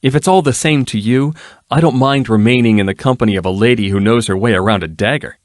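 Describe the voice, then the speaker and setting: A man voicing a young nobleman in a fantasy audiobook, a breezy dandy who speaks in a wry, lightly ironic way. The voice sits a little higher than the reader's own, in a close, dry recording. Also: fast, no echo, close to an everyday voice. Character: young male nobleman, casual witty dandy.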